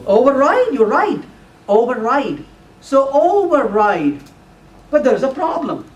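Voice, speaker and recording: Before an audience in a meeting room, a middle-aged man gives a live technical talk in a very high-pitched, very animated voice, speaking slowly. He's playful and teasing, quizzing the room, and the muffled recording sounds roomy and distant with faint room noise.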